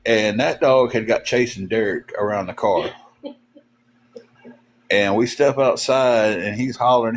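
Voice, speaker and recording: A man chatting on a livestream, his voice sitting on the low side. He rambles through folksy stories with plenty of "uh" and "um". His delivery is relaxed and a bit weary. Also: a little hiss or hum. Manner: rambling, folksy, lots of fillers; drawn-out, tired. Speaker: livestream co-host. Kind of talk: casual livestream chat, storytelling.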